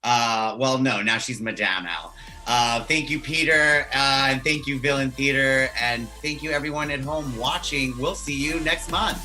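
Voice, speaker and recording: Male talk show host, upbeat and sharp-toned, faint music underneath. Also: medium pitch, moderate pace. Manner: upbeat, thanking guests. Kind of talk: casual wrap-up chat.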